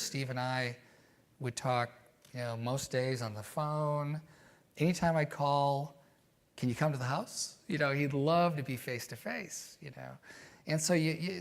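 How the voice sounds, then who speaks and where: A man being interviewed, telling stories in a reflective, animated way with many fillers. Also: mid-range voice, normal speed, vocal fry. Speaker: guest. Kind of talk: conversational interview storytelling.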